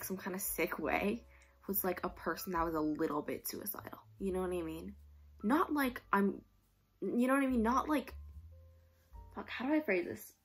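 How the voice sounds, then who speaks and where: A woman's voice: mid-range voice, husky. A young woman from New York rambling casually in a vlog, full of likes and self-aware asides. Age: young adult. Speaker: vlogger.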